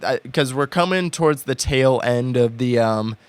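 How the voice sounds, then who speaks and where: On a podcast studio mic with no echo, a man in his late twenties co-hosts a casual chat, enthusiastically rambling with lots of fillers and restarts. His mid-range voice is clear and resonant, at normal speed.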